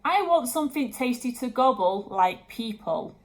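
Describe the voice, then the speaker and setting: A woman's voice: fairly high pitch, animated, moderate pace, natural voice. A woman voicing a big, hungry, greedy dragon in a read-aloud storybook, growling out her lines.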